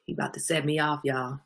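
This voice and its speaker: A woman hosting a casual livestream, answering viewer comments by name in an animated way. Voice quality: gravelly low voice. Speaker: livestream host.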